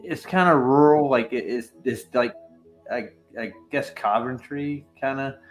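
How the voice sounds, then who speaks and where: A man's voice: mid-range voice, measured pace, soft background music. A man in casual chat, asking curious questions of his co-hosts.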